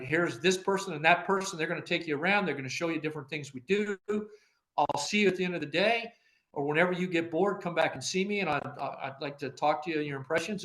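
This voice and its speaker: An older man, a former agency director, telling anecdotes in an interview and acting out the dialogue he quotes, with frequent laughter. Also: a little high. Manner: animated storyteller who acts out quoted dialogue, laughing often.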